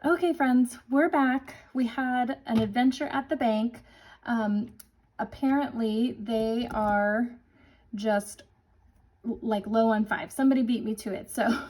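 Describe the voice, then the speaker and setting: A woman in her forties chatting casually to viewers as a budgeting vlogger, upbeat and chatty, counting cash out loud. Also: a little high, fairly even intonation, slow, poor audio. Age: 40s. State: slightly winded.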